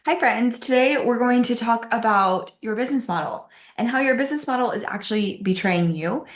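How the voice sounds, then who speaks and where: A woman's voice: fairly high pitch, brisk. A young woman hosting her own podcast, talking candidly and confessionally with frequent "like" fillers. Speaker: podcast host. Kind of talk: casual solo podcast talk. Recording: roomy echo.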